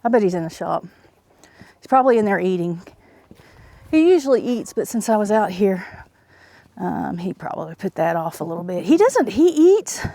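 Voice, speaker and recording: Out on her farm, an Oklahoma woman who vlogs about homesteading rambles casually through her chores, slightly winded and using many fillers. Her voice is fairly low, warm, and creaky, at a moderate pace with frequent pauses.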